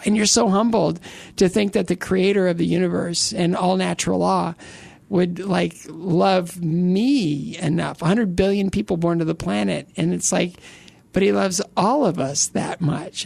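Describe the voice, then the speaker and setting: Rambling middle-aged man with gravelly voice. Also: sits high, a little slow, a little mellow. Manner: rambling, restarts sentences, joking asides. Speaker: interview guest. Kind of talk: casual interview, personal testimony.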